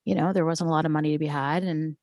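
A woman, a guest, telling a personal story in an animated way and acting out the voices of the people in it, often close to tears. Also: deep voice, fast, dry recording. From Canada. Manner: animated, acts out quoted voices.

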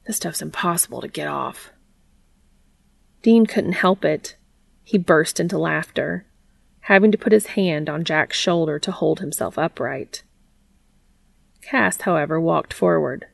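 Woman reading fanfic aloud, super gravelly fry voice, dry close mic. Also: low-pitched, measured pace, no echo. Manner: steady, plain storytelling. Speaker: narrator. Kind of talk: reading fan fiction aloud.

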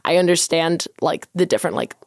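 Young adult woman comedian, lower voice, dry close sound, lively rambling storyteller. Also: a little fast, vocal fry, dry recording. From Philadelphia. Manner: animated storyteller, many "like" fillers. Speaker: podcast guest, comedian. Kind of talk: casual podcast chat.

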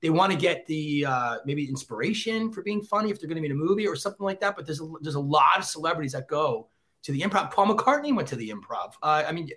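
A man's voice: a little high, fast talker. A man in his thirties telling stories in a casual interview, acting out what people said. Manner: animated, acts out quotes in voices. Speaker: guest, former celebrity cameraman. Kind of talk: casual storytelling.

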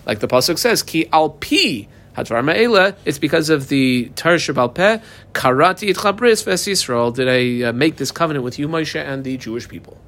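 A man with a somewhat high voice gives a lesson on a religious text. He reads each passage aloud, then unpacks it phrase by phrase. His tone is conversational, with small hesitations and rhetorical questions along the way. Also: expressive, normal speed, fairly bright tone. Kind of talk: text study lecture.

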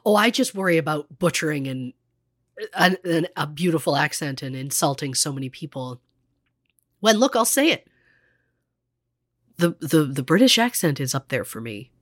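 A woman's voice: low-pitched, lively intonation, normal speed, pauses often, dry recording. A woman co-hosting a casual true crime podcast, chatty, full of fillers and acted-out quotes, close to the mic. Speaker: podcast co-host.

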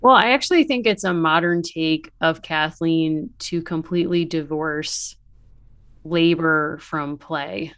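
Woman co-host, low voice, dry close sound, animated chatty delivery. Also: slow pace, dry recording. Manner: animated, filler-heavy, mimics characters in quotes. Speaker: podcast co-host. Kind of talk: casual chat about books.

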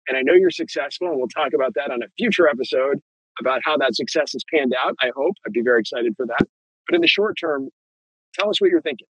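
An older man, retired, hosting and interviewing in a conversational, brisk way. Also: mid-range voice, lively intonation, fairly bright tone, husky, dry recording, rough recording. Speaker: podcast host.

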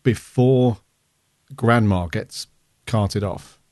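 A man co-hosting a podcast chats casually in a casual review conversation, rambling with plenty of fillers. His voice sits on the low side with a darkish tone and drawn-out words. The recording is dry and studio quality.

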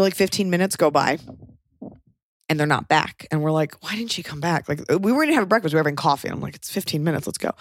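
A woman's voice: low-pitched, no echo, studio quality. A woman in her thirties hosting a podcast, telling a story casually with lots of fillers and swearing. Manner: rambling, filler-heavy, sweary. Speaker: podcast host.

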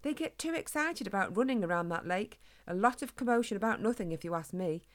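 A woman voicing a grumpy, protective father hedgehog in a storybook, muttering and grumbling gruffly. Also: medium pitch, animated, brisk, natural voice. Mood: firm.

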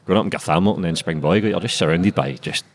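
A young Scottish man with a Glaswegian accent, talking as a guest author in a casual, sweary, animated way. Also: deep voice, rapid-fire. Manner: sweary, laughing, animated storytelling. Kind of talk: casual interview chat.

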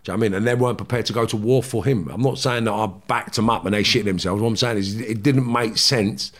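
A man, a guest telling blunt, animated stories in a casual interview and swearing freely. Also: fairly low pitch, quick pace.

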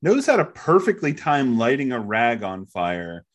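A man's voice: medium pitch, very animated, a little slow. Male co-host, casual plot recap, dry and wry delivery. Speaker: podcast co-host.

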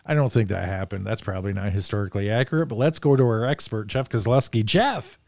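A man's voice: fairly low pitch, fast, creaky, a little mellow, no room sound, studio quality. A man hosting a casual movie discussion podcast, joking and reading from his notes. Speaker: podcast host.

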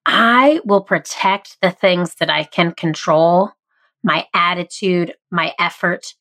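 Slow-talking earnest woman podcaster. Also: on the low side, sharp tone. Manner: candid, earnest, humorous and self-deprecating. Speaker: podcast host. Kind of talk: motivational podcast monologue.

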